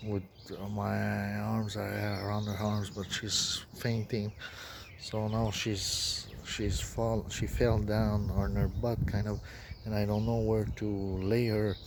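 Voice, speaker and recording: A man with a voice recounting a dream in a rambling, halting way, full of restarts and fillers. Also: fairly low pitch, monotone, gravelly, noisy background. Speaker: dream narrator. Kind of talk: rambling personal account.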